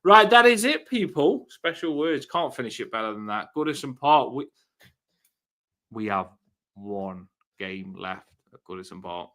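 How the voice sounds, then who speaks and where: A man's voice: on the low side, measured pace. A man hosting a casual post-match fan stream, chatty and swearing freely. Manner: chatty, swears freely, loud bursts when wrapping up. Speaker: fan channel host.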